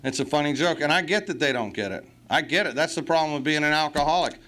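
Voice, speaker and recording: A man tells his story at a recovery meeting, swearing freely and mocking himself. His voice is bright and forceful, set a little high. Faint room noise sits behind him. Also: fast. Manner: profane, blunt, self-mocking humor. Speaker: AA speaker. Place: meeting hall.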